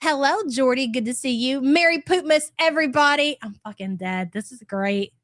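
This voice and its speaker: A woman's voice: sits high, normal speed, a bit bright, dry recording, clean studio sound. A woman hosting a livestream, reacting to clips with blunt, profane commentary and reading out super chats. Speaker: commentary channel host.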